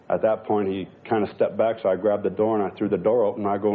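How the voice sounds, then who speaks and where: A low-voiced man rushes through his courtroom testimony, retelling every line of a quarrel. The audio is narrow and tinny, like a phone line. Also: level tone. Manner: rambling, retells dialogue with "I go, he goes". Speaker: plaintiff.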